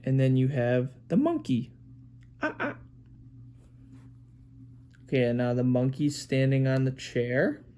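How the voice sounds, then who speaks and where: A man's voice: mid-range voice, animated, normal speed, dark tone. A man reading a picture book aloud to his young daughter, pointing out pictures and making animal sounds.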